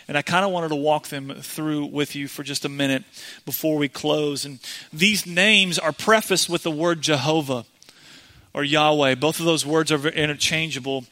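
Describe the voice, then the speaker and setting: A man's voice: fairly high pitch, sharp tone. A man preaching a sermon in a church, speaking earnestly and directly to the congregation. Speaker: pastor.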